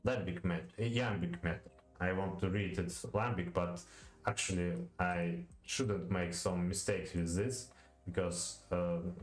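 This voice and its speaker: A man who speaks Russian as his first language, working through a poetry lesson aloud. He hesitates a lot, with many fillers, restarts and repeated words. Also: low voice. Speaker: language learner. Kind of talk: thinking-aloud study session. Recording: roomy echo, faint music behind.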